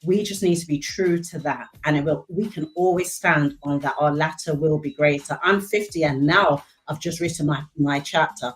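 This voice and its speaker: A woman's voice: low voice, moderate pace, hardly any pauses. A woman in her fifties giving an earnest, emotional, faith-filled testimony at an event. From Barbados. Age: 50s. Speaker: event speaker, clinical services director. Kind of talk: heartfelt testimony.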